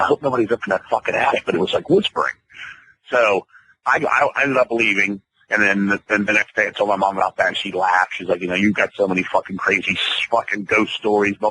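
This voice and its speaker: Fast-talking, low-voiced man telling a story. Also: poor audio. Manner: profane, rambling, animated. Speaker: interview guest. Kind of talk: casual storytelling. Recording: radio interview audio.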